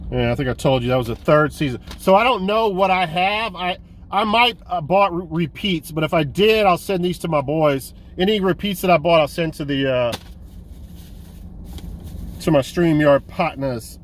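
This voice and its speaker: A man hosting a casual collecting vlog, excited and rambling, swearing now and then. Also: a little high, normal speed, a little hiss or hum. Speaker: host of a physical media collecting vlog.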